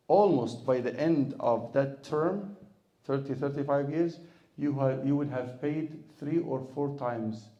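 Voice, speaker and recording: A man's voice: mid-range voice, gravelly, mellow, reverberant, lo-fi sound. A man from Egypt, an imam preaching in a storytelling style, asking rhetorical questions and chanting verses with rising force. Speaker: imam and Islamic lecturer. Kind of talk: sermon-style Q&A talk.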